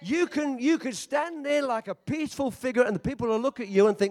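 A man preaching a sermon as a visiting preacher, impassioned, swinging between shouting and quiet storytelling, with joking asides. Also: very high voice, brisk.

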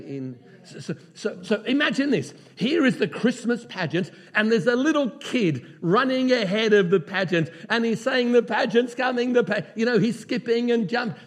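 Man preaching, pitched high and swinging wide, acts out the voices in the story. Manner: animated, acts out voices of the story, chuckles often. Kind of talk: sermon storytelling.

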